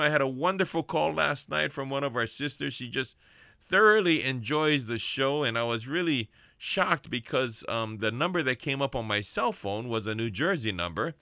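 A fervent man delivers a radio sermon, his voice bright and forceful. He builds his points through rhetorical repetition, and the sound is close and dry with no room behind it. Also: medium pitch, no echo. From Hawaii. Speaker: radio preacher and prison minister. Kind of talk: radio sermon and shout-outs.

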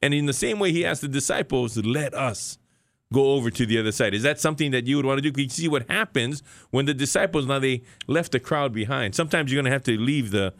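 A man's voice: mid-range voice, lively intonation, fast talker, hardly any pauses, fairly bright tone, no echo. A man with a Hawaiian Pidgin accent preaching a folksy sermon, building to emphatic questions.

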